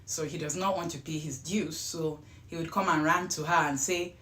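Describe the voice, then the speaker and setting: A woman hosting a show, telling a true-life story in a chatty, rambling way with excited bursts. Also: low-pitched, normal speed. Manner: chatty, wandering asides, gets louder and excited at times. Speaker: host. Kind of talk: casual storytelling. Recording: roomy echo.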